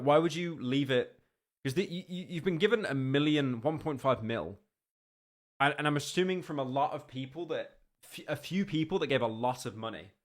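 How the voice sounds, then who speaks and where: Joking man reacting live on stream. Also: mid-range voice. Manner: loose, sarcastic and joking.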